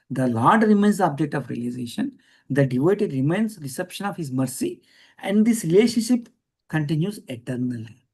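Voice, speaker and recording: A man's voice: on the high side, a little mellow. A man giving a devotional scripture lecture, repeating key lines and checking with his listeners. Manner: repeats key phrases, asks "yes or no?" to the audience. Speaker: scripture teacher.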